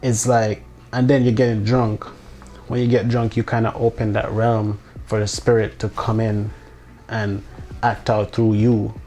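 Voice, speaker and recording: Man, lowish voice, rambling casual monologue, faint music under it. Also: level tone, unhurried, warm tone. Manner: rambling, restarts often, swears, incredulous asides. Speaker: vlogger.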